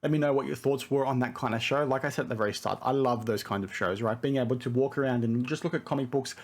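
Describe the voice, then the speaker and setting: A man's voice: mid-range voice, fast talker. An Australian man in his thirties chatting casually to camera at home, enthusiastic and rambling with lots of "you know" and "right?". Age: 30s. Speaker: vlogger and card collector. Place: home room full of collectibles.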